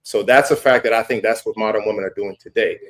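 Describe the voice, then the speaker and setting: A man's voice: fairly low pitch, steady tone, fast talker, fairly bright tone. A man in his thirties on a podcast panel, laying out his view in an assertive, lecturing way. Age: 30s. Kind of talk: casual debate.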